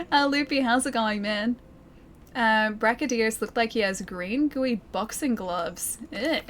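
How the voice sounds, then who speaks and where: A woman's voice: a little high, measured pace, fairly bright tone, faint music behind. An Australian woman streaming a game, chatting casually with her viewers and laughing often. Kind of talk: casual live-stream chat while gaming.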